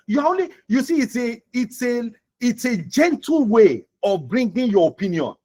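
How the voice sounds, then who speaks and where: A man with a Nigerian accent teaching a soft-skills class as a vocational trainer, repeating key points and acting out sample dialogues. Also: very high-pitched, big pitch swings, normal speed, hardly any pauses. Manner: repetitive, acts out example dialogues.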